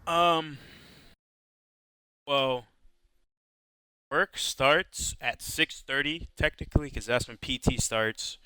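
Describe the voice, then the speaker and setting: A young American man talks in a bright, clean, close voice. He rambles through stories, swears constantly and leans on "like". The sound is dry, with no room echo. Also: medium pitch, slow, pauses often, clear, resonant tone. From United States. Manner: profane, rambling storytelling full of "like". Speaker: podcast co-host. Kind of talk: casual podcast chat.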